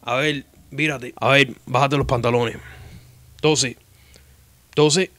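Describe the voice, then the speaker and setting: A careless old Cuban doctor with a Cuban Spanish accent, put on by a man. He mumbles low, flat and indifferent, his voice dry and close with no room around it. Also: unhurried, no echo. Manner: mumbling, offhand, low and quiet.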